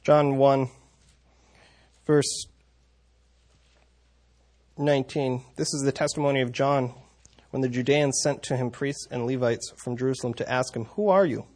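A man's voice: mid-range voice, fairly even intonation, measured pace, long pauses, a little mellow. A man teaching a Bible passage in a conversational way, reading verses aloud and stopping often to correct himself. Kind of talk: scripture teaching talk.

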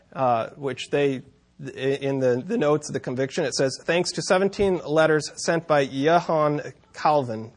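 Guy giving a sermon, kinda higher voice, tells the story with dry little jokes. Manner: storytelling with wry asides and chuckles. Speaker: preacher.

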